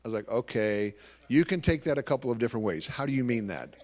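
A man's voice: mid-range voice, expressive, quick pace, a little mellow. A man giving a live talk to an audience as a Christian ministry speaker, telling stories animatedly and acting out conversations.

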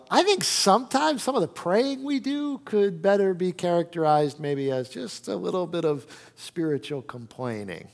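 A man preaching a sermon as pastor, animated and rising to loud emphasis. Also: high voice, long reverb tail. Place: church sanctuary.

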